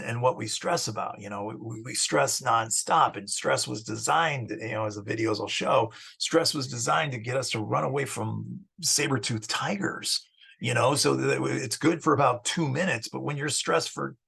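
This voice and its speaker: Middle-aged man, gravelly and husky, a relaxed rambling teacher for an intro course. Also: mid-range voice. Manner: conversational, digressive, restarts phrases. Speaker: psychology teacher. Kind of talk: casual lecture introduction.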